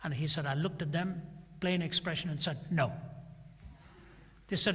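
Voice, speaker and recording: A man's voice: fairly high pitch, a little slow, pauses often, fairly bright tone, breathy edge. An older male preacher telling a story in a sermon, acting out both sides of a dialogue in a dramatic retelling. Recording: long reverb of a large hall.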